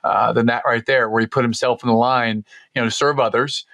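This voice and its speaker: A man's voice: mid-range voice, little pitch movement, fairly quick, vocal fry, fairly bright tone, dry recording. A man hosting a podcast and working as a leadership coach, reflecting on his guest's story in an affirming way with frequent fillers. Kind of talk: conversational interview.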